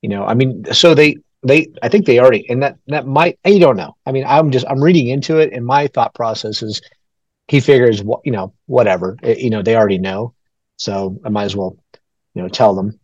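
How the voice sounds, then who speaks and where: Man from New Mexico, podcast co-host, casual and rambling, mid-pitched, dry close mic. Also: fairly quick, no echo, muffled recording. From New Mexico, USA. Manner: rambling and hedging, chuckling often. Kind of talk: casual chat.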